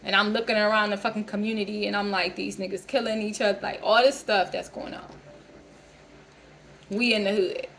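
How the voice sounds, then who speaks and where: A woman in her thirties vents in a casual vlog rant, blunt and heavy on profanity. Her voice sits at a middle pitch. Faint background noise runs under it. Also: steady tone, moderate pace, pauses often, fairly bright tone. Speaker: vlogger.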